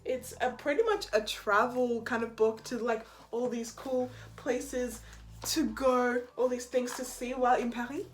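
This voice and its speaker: A bubbly woman talks casually to her camera about books, laughing often between sentences. Her voice sits a little high. Faint music plays in the background. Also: fairly even intonation, a little slow. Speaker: book vlogger.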